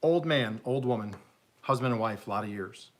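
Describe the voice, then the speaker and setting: A man's voice: mid-range voice, moderate pace. A man hosting a live stream, casually telling jokes as a rambling, chuckling storyteller. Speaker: livestream host.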